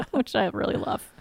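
A woman's voice: a little high, vocal fry, husky, no echo, clean studio sound. A young woman co-hosting a podcast, recapping an episode in casual chat and laughing often. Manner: laughs often, retells scenes with quoted lines. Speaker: podcast co-host.

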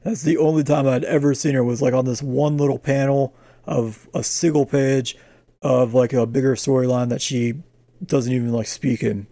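A man's voice: medium pitch, steady tone, moderate pace, gravelly, mellow, no room sound. A man ranting in casual profane chat about a comic he hated, exasperated and swearing constantly. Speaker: comic review podcast co-host.

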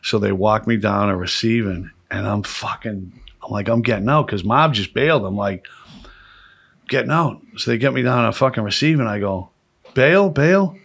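A man, hosting a podcast and telling profane, animated stories with laughs. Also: on the low side, fairly quick, vocal fry, husky. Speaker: podcast host. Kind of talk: casual storytelling chat.

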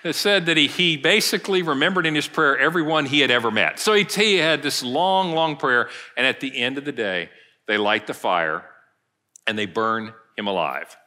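A man's voice: medium pitch, expressive, normal speed, sharp tone. A middle-aged male pastor preaching a sermon, retelling a story and acting out the quoted lines.

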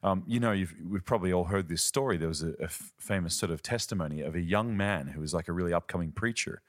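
A low-pitched man talks fast in a dry, studio-quality recording with no echo. He's a ministry leader appearing as a podcast guest, teaching earnestly in conversation and telling stories that include quoted voices.

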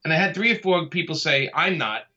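A man's voice: on the high side, fast, bright, forceful tone, lo-fi sound. A man from Brooklyn, talking casually and easygoingly as an interview guest, often laughing as he speaks. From Brooklyn, New York. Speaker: comic artist guest.

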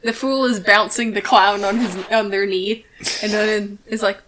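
A woman player in a casual tabletop role-play, cheerful and quick to laugh. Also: mid-range voice, steady tone, a bit bright, slight background noise, rough recording.

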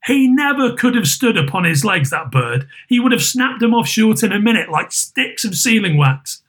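Male reader for a classic tale, slightly higher voice, expressive delivery. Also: normal speed. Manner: expressive, varied pacing. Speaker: narrator. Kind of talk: dramatic storybook reading.

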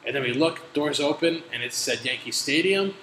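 A man hosting a casual podcast, telling stories in animated, profane rants with an exasperated edge. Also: on the high side, normal speed. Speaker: podcast host. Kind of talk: casual chat, storytelling. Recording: echoey room with faint noise.

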